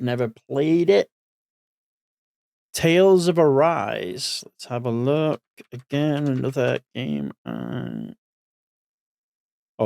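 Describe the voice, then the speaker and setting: A man's voice: medium pitch, vocal fry, clean tone, no echo, clean studio sound. Sleepy man rambling over game lists. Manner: rambling, thinking aloud, trailing off. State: sleepy, yawning. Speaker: streamer. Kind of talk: casual gaming commentary.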